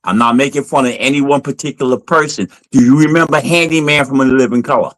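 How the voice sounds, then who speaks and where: A man's voice: medium pitch, fast. A middle-aged man on a live panel show, telling a long story in casual chat and acting out the voices of the people in it. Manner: animated storyteller, acts out quoted voices.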